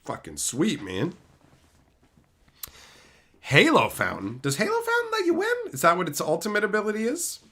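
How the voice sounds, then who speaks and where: A high-voiced man talks fast with hardly any pauses while hosting a live stream. He's animated, chats casually, reads out viewers' chat names, and swears freely.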